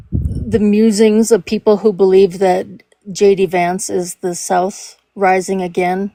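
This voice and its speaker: A woman in her fifties with a Minnesota accent, chatting casually on a live stream and filling pauses with um and uh. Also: medium pitch, vocal fry, dark tone, no echo. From Minnesota, USA. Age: 50s. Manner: conversational, laughs easily, trails off with fillers. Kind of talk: casual chat.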